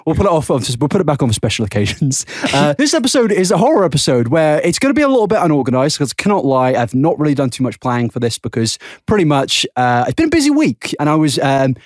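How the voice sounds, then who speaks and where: A man's voice: fairly high pitch, very animated, quick pace, no room sound, clean studio sound. A young man co-hosting a podcast, joking, laughing and swearing through loose banter. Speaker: podcast co-host. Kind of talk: casual chat.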